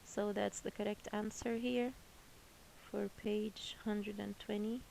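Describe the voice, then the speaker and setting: A woman's voice: mid-range voice, level tone, takes it slowly, creaky, a little mellow, slight background noise, low-quality recording. A woman teaching a children's English lesson, patiently repeating each word twice.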